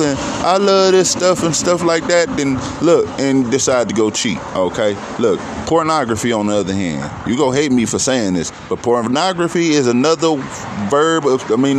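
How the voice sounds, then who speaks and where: A man's voice: medium pitch, noisy background. A man talking in a casual, profane, rambling monologue, preaching his views.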